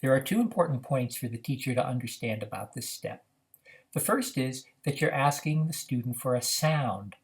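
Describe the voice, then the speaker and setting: A man teaching how to run a reading activity, explaining in a measured way with frequent "uh" fillers. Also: mid-range voice. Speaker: reading program instructor. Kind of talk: instructional demonstration.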